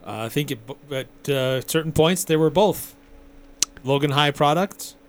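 A man co-hosting a sports radio show, friendly and quick to laugh. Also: a little high. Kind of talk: casual sports talk.

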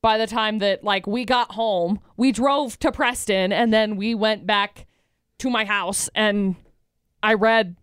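A young woman co-hosting a podcast, chatting in an animated, gushing way with a lot of "like". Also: mid-range voice, slow, clean tone, no room sound, studio quality. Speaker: podcast co-host. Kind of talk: casual chat.

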